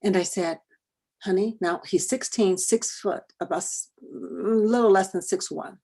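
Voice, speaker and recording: A woman's voice: medium pitch, a little slow, vocal fry, mellow, husky. A middle-aged woman presenting a workshop, telling a personal story in a conversational way and often repeating words. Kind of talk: storytelling talk to parents and educators.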